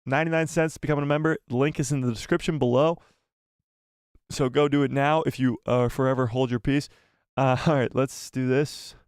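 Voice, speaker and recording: A man hosting a live stream, chatting casually and excitedly with his viewers and jumping between topics. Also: mid-range voice, a little fast, smooth, dry recording, studio quality.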